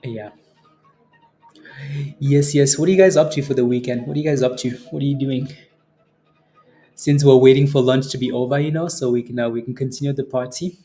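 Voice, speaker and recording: A man hosting a day-trading livestream, chatting casually with viewers between market remarks, relaxed, with frequent fillers and chuckles. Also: medium pitch, brisk, pauses often, soft background music. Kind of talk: casual livestream chat reading viewer comments.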